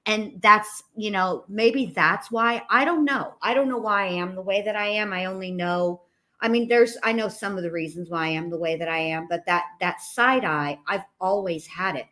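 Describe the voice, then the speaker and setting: A woman's voice: medium pitch, normal speed, fairly bright tone. A woman who hosts a YouTube channel, talking in a reflective, rambling way with frequent restarts. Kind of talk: casual conversation.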